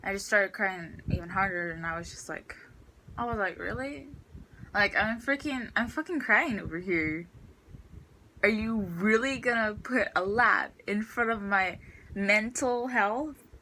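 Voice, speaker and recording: A woman's voice: mid-range voice, a little slow, pushed and bright, slight background noise, low-quality recording. A teenage girl ranting in a storytime vlog about her school day, exasperated and full of fillers. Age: teens. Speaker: student vlogger.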